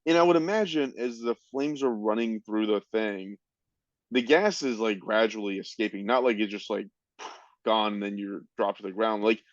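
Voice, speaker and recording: Low-voiced man, dull dry recording. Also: dry recording. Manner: easygoing, halting reactions. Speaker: podcast co-host. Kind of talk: casual chat.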